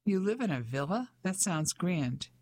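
A man's voice: high voice, big pitch swings, unhurried, a little mellow, slight background noise. An audiobook narrator voicing a genial young Englishman who talks in a cheerful, clipped way.

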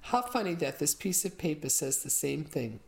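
A woman voicing a wise, doting Italian grandmother who talks in a measured, gently firm way, in a storybook reading. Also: low voice, sing-song, creaky, heavily acted.

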